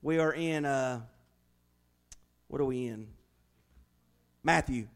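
A man preaching a sermon, telling folksy stories with big swings between loud and hushed delivery. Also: mid-range voice, slow pace. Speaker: pastor.

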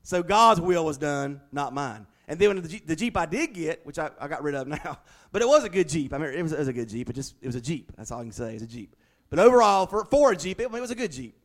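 A man's voice: on the high side, fast. Folksy preacher man. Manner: folksy, animated storytelling with big swings between loud and hushed. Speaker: pastor. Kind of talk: sermon.

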